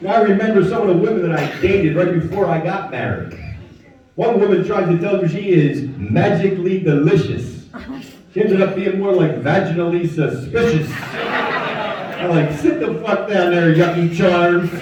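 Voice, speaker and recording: A man in his fifties doing a stand-up comedy set in a lodge hall, delivering deadpan one-liners with quick asides. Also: sits high. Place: lodge hall with live audience. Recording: muffled, echoey hall, mic far off, crowd laughing.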